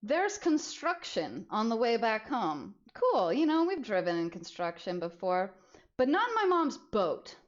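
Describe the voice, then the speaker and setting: A young woman with a slightly high voice tells a story casually on a stream, animated and quick to laugh. The audio is a bit dull and lo-fi, like a home streaming setup. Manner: animated, laughs through the story, frequent restarts.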